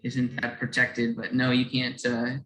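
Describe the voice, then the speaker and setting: Bright-voiced man explaining over a video call. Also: mid-range voice, monotone, measured pace, echoey room, low-quality recording. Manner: earnest, restarts phrases, chuckles often. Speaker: whiskey brand presenter.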